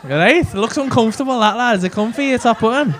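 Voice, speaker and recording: A man's voice: very high voice, expressive, racing, fairly bright tone. A male stand-up comedian with a Liverpool accent doing brash, sweary, teasing crowd work on a comedy club stage. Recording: live club audio with crowd laughter noise.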